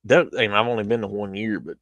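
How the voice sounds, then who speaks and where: A man's voice: lowish voice, brisk, a bit bright, no echo. A young man, rambling through stories in casual chat on a stream. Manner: rambling storytelling with frequent laughter.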